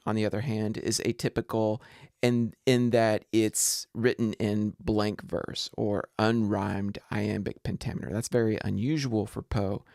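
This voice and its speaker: A man delivers a literature lecture at a measured, deliberate pace. His mid-range voice is gravelly, and the close recording is dry with no room sound. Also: on the low side, darkish tone, no echo. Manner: measured, deliberate delivery with poems read aloud.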